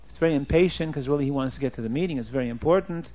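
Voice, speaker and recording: A man teaching a group of boys through an animated story, jumping up and down in pitch and acting out the speakers he quotes. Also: rapid-fire. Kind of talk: storytelling lesson.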